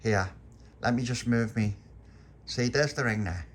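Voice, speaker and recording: A man's voice: mid-range voice, measured pace, a little hiss or hum, close to an everyday voice. A man voicing a practical, bossy woman bride in a raised, matter-of-fact voice for a homemade storybook. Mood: correcting.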